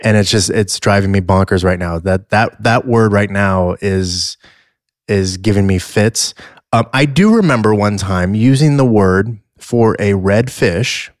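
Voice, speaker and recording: Low-voiced man in playful casual chat. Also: dry recording, studio quality. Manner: playful, deliberately drawn-out pronunciations. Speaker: podcast co-host.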